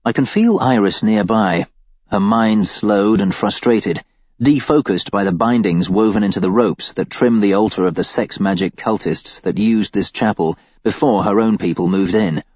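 A man with a lowish voice reads a first-person story with a wry, deadpan edge. The recording is dry and slightly dull, close to the mic. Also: normal speed, no room sound. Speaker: audiobook narrator. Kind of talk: first-person audiobook narration.

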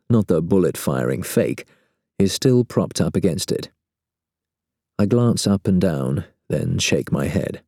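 Deep mellow guy reading an audiobook, wry and deadpan, dry close sound. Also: gravelly, no room sound. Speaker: narrator. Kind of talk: first-person audiobook narration.

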